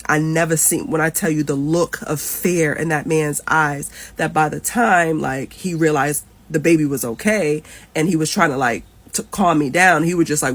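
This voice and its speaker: A woman's voice: low-pitched, normal speed. A woman in her thirties telling an emotional personal story in a casual storytime. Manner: emotional, animated retelling.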